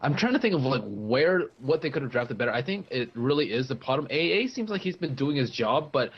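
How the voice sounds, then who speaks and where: A man's voice: mid-range voice, animated, fairly quick, slightly rough, muffled recording. A man co-commentating a live video game match, casually analysing the play, teasing his partner and filling his talk with "like" and restarts. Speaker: esports co-commentator.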